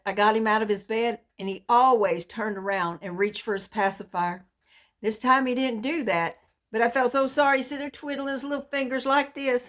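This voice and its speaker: A woman's voice: a little high, a bit bright. A mother earnestly telling a personal faith testimony in a folksy storytelling way.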